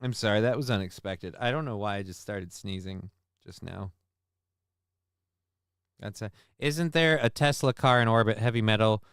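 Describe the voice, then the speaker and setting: A man's voice: on the low side, normal speed, a bit bright, clear, resonant tone, no echo, studio quality. A man hosting a casual livestream, rambling, cursing and making sarcastic asides while reading chat messages. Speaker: livestream host.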